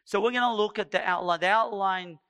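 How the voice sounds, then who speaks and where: A man's voice: high voice, a bit bright, clear, resonant tone. A man preaching a sermon, pleading and emphatic, stretching out key phrases. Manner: pleading, emphatic preaching with slow drawn-out stresses. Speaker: pastor.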